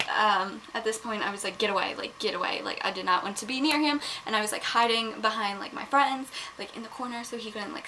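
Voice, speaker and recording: A teenage girl telling a storytime vlog in a casual chatty way, filling her talk with "like" and getting loud and indignant as she retells. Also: fairly high pitch, slight background noise, low-quality recording. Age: teens. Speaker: vlogger. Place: home, at one point in a bathroom.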